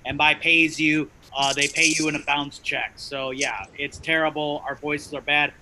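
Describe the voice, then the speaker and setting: A man co-hosting a comedy show, doing a rambling, self-mocking stand-up bit in a shrill, nasal voice. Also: steady tone, moderate pace, pushed and bright, a little hiss or hum, poor audio. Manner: rambling, self-mocking jokes addressed to "you guys". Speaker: comedy co-host.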